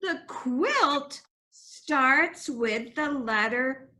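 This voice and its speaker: A woman teacher on a reading lesson for young children, reading aloud slowly with exaggerated expression. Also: high-pitched, very animated, bright, forceful tone.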